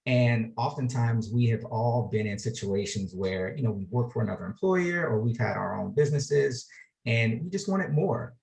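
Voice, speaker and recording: A man presenting an award at an online ceremony on a video call, measured with hesitant fillers. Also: mid-range voice, expressive, creaky, a little mellow, poor audio.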